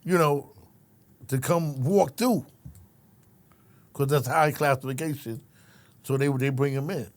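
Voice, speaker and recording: A man's voice: medium pitch, a little slow, long pauses. A middle-aged man, a former correctional officer telling a story in a streetwise, profane way. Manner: streetwise, profane, repeats his listener's name, acts out the people in his story. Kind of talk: animated storytelling in casual conversation.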